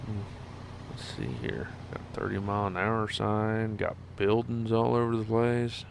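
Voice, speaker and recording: A man's voice: lowish voice, measured pace, vocal fry. A man streaming a truck driving game, chatting casually to himself and the traffic in a sleepy, laid-back way. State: sleepy, yawning. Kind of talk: casual gameplay commentary.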